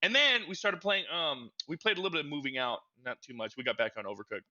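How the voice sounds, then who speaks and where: A young man co-hosting a casual gaming podcast, telling stories in an animated, stammering way and getting loud when excited. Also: quick pace, lo-fi sound. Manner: animated storytelling, gets loud and high when reliving frustration. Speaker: podcast co-host. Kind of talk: casual chat.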